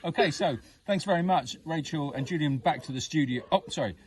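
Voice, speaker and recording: A man's voice: fairly high pitch, fairly quick, distant mic, close to an everyday voice. A man putting on a bumbling field reporter for a livestream joke, playing with a muddled mix of Irish, Australian and Scottish accents. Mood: cheery mock-report. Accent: mixed Irish, Australian and Scottish put-on. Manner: cheery, playful, bumbling. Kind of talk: comic mock news report on a livestream.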